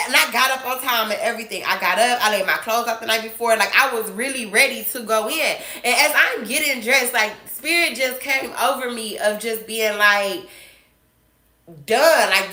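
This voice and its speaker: A woman talks to the camera in a loose, chatty storytime. Her voice is bright and a little higher than most, and she quotes each side of the argument with lively energy. The room around her sounds echoey. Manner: animated, acts out both sides of the argument. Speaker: vlogger telling a work story.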